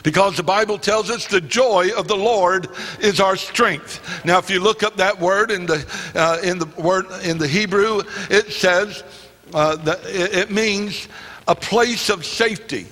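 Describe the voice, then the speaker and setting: A man's voice: high-pitched, unhurried, pushed and bright. A middle-aged man preaching a sermon, who now and then breaks into song. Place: church sanctuary. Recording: long hall reverb, faint music.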